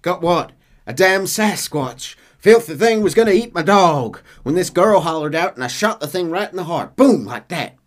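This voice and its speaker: A man playing an excitable, rough old backwoods hunter who brags loudly. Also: high-pitched, moderate pace, voice pushed up. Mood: boastful.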